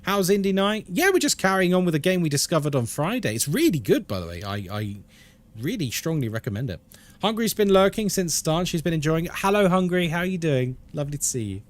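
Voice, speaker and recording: A British man streaming a game, chatting casually, reading chat out loud and laughing often. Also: on the high side, big pitch swings, a little fast. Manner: chatty, laughs a lot, reads chat aloud.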